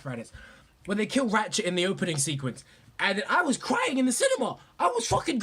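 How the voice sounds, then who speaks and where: A young man gushing about movies in a profane, rambling, excited rant. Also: high-pitched, husky. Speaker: vlogger.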